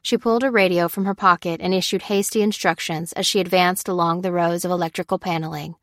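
A woman narrating a story in a steady, even storytelling manner. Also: fairly low pitch, quick pace, no room sound, clean studio sound. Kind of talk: scripted narration.

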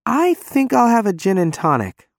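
A man's voice: high-pitched, wildly swooping pitch, normal speed, vocal fry, no room sound, clean studio sound, pitched above the performer's own voice, exaggerated voice. A man reading as a wry young woman narrator, speaking her lines in a raised voice.

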